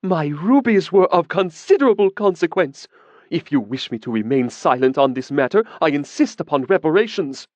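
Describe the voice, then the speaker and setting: A man's voice: on the high side, very animated, normal speed, a little mellow, dry recording, pitched above the performer's own voice. A man voicing a scheming young woman in an audiobook, shrieking and demanding with feigned distress. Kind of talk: audiobook character voice.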